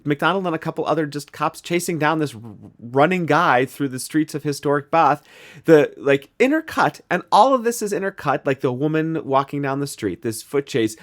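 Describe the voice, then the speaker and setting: A man's voice: fairly high pitch, fairly bright tone. Chatty Midwestern man recapping a show. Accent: Midwestern American. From Midwestern United States. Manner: rambling, chatty, many fillers and restarts. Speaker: podcast co-host. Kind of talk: casual podcast episode recap.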